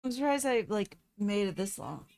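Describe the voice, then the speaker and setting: A woman's voice: medium pitch, sing-song, normal speed, creaky, darkish tone. Sleepy woman chatting on stream. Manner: drowsy, laughing along. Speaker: streamer's wife. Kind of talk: casual chat.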